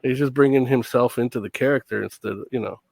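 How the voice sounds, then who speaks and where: A man's voice: mid-range voice, fast, creaky, a little mellow, no room sound. A man on a casual panel show who explains things matter-of-factly, tagging his lines with "you know".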